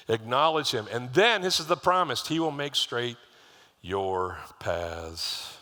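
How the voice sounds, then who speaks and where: A middle-aged lead pastor preaches a sermon in a conversational, storytelling way, tossing asides to the congregation. His medium-pitched voice is bright and forceful, with lively intonation and a slow pace. The live church hall adds reverb.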